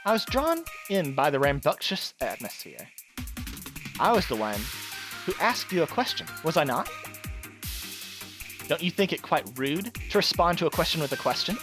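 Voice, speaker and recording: Woman doing a breathy obsessed fox girl, prim and teasing, music playing under her. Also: low-pitched, very animated, moderate pace, pauses often. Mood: condescending. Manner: polite, mocking, formal.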